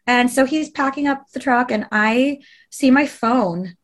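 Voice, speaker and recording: A woman's voice: medium pitch, normal speed, fairly bright tone. A woman telling an emotional personal story in an interview, earnest and conversational, with fillers and restarts.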